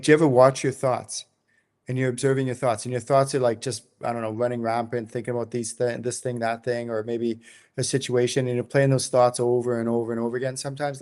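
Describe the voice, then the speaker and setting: A man's voice: medium pitch, a little mellow. A middle-aged man, a spiritual teacher, speaking straight to his viewers in a casual, enthusiastic way with lots of "like" fillers. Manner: informal and enthusiastic, many "like" fillers. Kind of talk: casual direct-to-camera talk.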